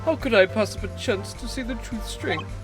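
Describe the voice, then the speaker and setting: Over game music, a woman with a slightly high, fairly everyday-sounding voice reads a game script at a moderate pace. She voices a flamboyant rock-star male prosecutor, playing him showy and teasing and dropping in German words.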